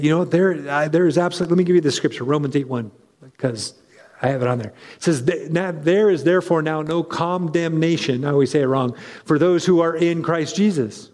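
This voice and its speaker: Chatty high-voiced male preacher. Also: a little fast, in a large hall. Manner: chatty, animated, self-interrupting with asides. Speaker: pastor. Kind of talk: conversational sermon.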